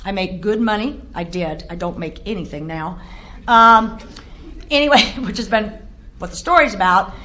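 A woman's voice: medium pitch, moderate pace, sharp tone. A middle-aged woman giving a candid, self-mocking personal testimony at a recovery meeting, often laughing at herself.

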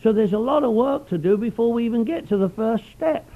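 His voice very high and expressive, a middle-aged man speaks a little fast as he rambles through his personal story at a recovery meeting. His style is folksy, dotted with "you know," and the sound is phone quality.

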